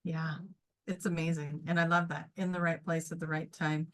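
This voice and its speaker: A woman's voice: low-pitched, flat delivery, normal speed. A woman chatting casually as co-host, earnest and reflective as she shares a story. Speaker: QHHT practitioner, co-host.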